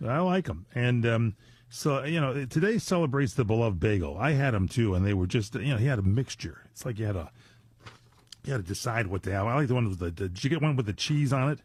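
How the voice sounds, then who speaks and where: A man's voice: mid-range voice, lively intonation, quick pace, breathy edge, no room sound. An older man hosting a radio show in casual, rambling chat full of fillers and jokes, recorded on a studio mic. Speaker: radio host. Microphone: studio microphone.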